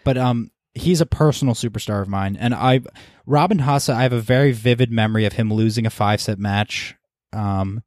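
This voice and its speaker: A man's voice: lowish voice, a little fast, few pauses, darkish tone, no room sound, clean studio sound. A man hosting a podcast, talking casually and rambling with lots of ums and restarts. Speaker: podcast host. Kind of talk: casual chat.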